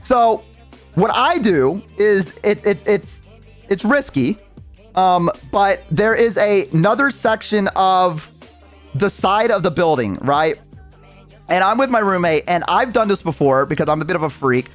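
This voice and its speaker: Young guy streamer rambling a story, kinda high voice, super animated, swears a lot, faint music behind. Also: measured pace. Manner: rambling, lots of fillers and swearing. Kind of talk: casual storytelling.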